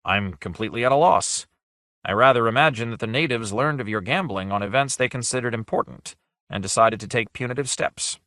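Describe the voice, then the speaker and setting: A man reading an audiobook, voicing a courteous, cunning gentleman detective with a suave, mild manner. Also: mid-range voice, brisk, no echo, studio quality.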